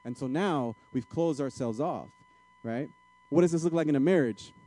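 A male pastor preaching a conversational sermon that moves from soft, confessional moments to emphatic, exhorting appeals. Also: fairly high pitch, normal speed, no echo.

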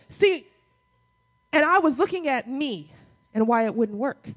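A woman's voice: sits high, animated, normal speed, long pauses. A woman pastor preaching a conversational sermon, acting out quotes as she goes.

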